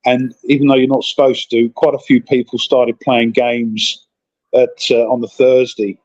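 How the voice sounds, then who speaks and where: A man's voice: mid-range voice, little pitch movement, moderate pace, darkish tone, muffled recording. A man in casual chat, telling rambling stories while calling in from a convention hotel. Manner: rambling, chatty storytelling.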